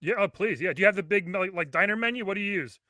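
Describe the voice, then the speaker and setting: Podcast host guy, bright punchy voice, laughs a lot, dry call audio. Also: sits high, fast talker, no room sound. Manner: laughs often, plays along. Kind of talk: casual comedic interview. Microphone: video call.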